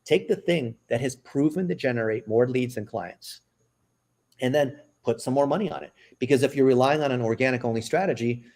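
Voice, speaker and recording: Guy on a podcast breaking down ad testing, warm low-key tone, keeps asking right?. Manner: explanatory, quick asides, frequent "right?". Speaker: podcast guest, marketing executive. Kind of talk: casual interview talk.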